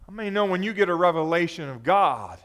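A man's voice: high voice, expressive, fast talker. A man preaching a sermon, reading scripture emphatically and calling to the audience for responses. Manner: emphatic, rises to loud exclamations when reading scripture.

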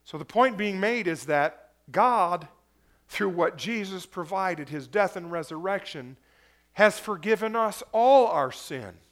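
A high-pitched man preaching to a congregation. He reads scripture aloud and comments on it in plain, everyday words. He keeps checking in with his listeners through questions. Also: animated, a little slow. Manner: conversational, asks the audience questions. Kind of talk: sermon reading scripture with commentary.

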